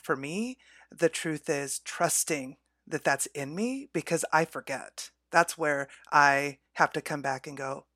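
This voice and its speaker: A woman's voice: deep voice, takes it slowly, fairly bright tone, no echo, studio quality. A woman co-hosting a faith podcast, telling a personal story in an earnest, heartfelt way.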